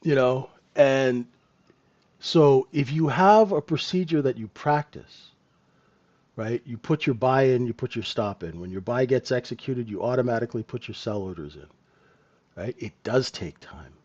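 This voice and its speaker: A man's voice: medium pitch, expressive, moderate pace, darkish tone, dull audio. A man hosting a live trading room, talking the market through in a casual, conversational way and often checking in with his listeners. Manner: conversational, repeated tag questions, chuckling asides.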